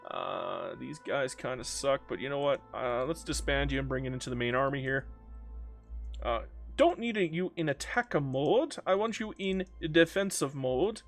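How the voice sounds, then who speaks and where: A man's voice: mid-range voice, lively intonation, normal speed, gravelly, faint music behind. A man giving casual, joking commentary while playing a strategy game, talking back to the game. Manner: playful, joking, talks to the game.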